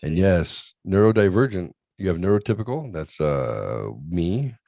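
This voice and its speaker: A man's voice: sits low, big pitch swings, measured pace, gravelly, warm tone, no room sound, clean studio sound. A man hosting a talk show, chatting crudely and rambling, often acting out other people's voices in his stories. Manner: profane, rambling, acts out voices in anecdotes. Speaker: podcast host. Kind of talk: crude comedic chat.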